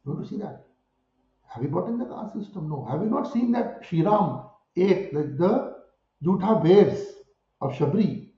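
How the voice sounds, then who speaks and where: A man with an Indian English accent answering an interview in an impassioned way, driving his points home with rhetorical questions and forceful peaks. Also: high voice, lively intonation, unhurried, reverberant, highs cut off. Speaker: spiritual guru interviewed about cow protection.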